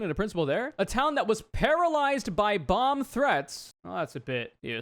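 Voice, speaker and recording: A man giving a political commentary video in a sarcastic, profane, exasperated way. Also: fairly high pitch.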